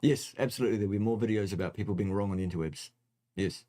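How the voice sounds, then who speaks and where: Teasing low-voiced male host. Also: racing, warm tone. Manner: dry, teasing, jokey. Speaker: host answering viewer questions. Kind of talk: casual livestream chat.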